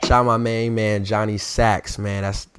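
A man's voice: fairly low pitch, level tone, moderate pace, fairly bright tone, clear, resonant tone, dry recording. A young man from the DMV area co-hosting a casual chat, telling stories and acting out quotes in raised voices. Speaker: podcast co-host.

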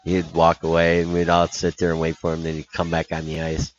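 A man's voice: low-pitched, completely flat delivery, brisk, dull audio, slight background noise. A man who coaches hockey, telling stories in a podcast interview with animation and laughing at his own punchlines.

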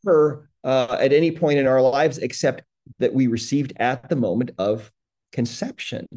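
A man, a guest, calmly explaining a healing method step by step in conversation. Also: medium pitch, moderate pace. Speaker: guest, energy healing practitioner.

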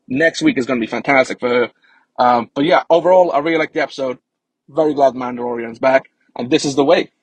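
A man recording an earnest review, speaking hesitantly with pauses. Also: mid-range voice, breathy edge, no room sound, low-quality recording.

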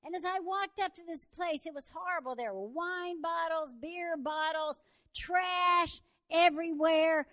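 High-voiced woman preacher, fervent. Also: normal speed, few pauses. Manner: building to fervent shouts. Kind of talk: sermon storytelling.

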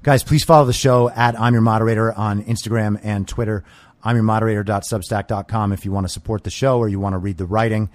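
A man's voice: fairly low pitch, fairly even intonation, fairly quick, a little mellow, no echo. A man hosting a political commentary podcast, talking in a blunt, emphatic and opinionated way into a close microphone. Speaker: podcast host.

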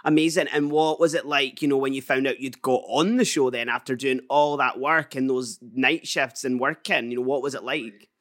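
A man asks an interview guest questions and encourages him with short replies. His pitch sits in the middle of the range, and the sound is dry and close. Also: steady tone, moderate pace, hardly any pauses, fairly bright tone, dry recording. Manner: encouraging, brief responses.

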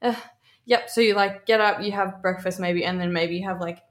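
Animated Australian woman telling stories. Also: on the low side, brisk. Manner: animated, swears freely, acts out quoted voices. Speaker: podcast co-host. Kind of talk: casual storytelling chat. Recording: echoey room.

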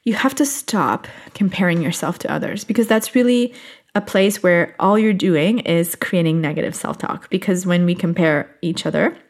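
A woman giving a self-help talk to her viewers, gentle and encouraging, who laughs often and slows down on key points. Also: fairly low pitch.

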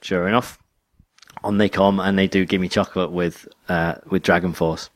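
A man's voice: sits low, level tone, moderate pace. A man co-hosting a podcast in casual chat, rambling and restarting his sentences. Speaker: podcast co-host.

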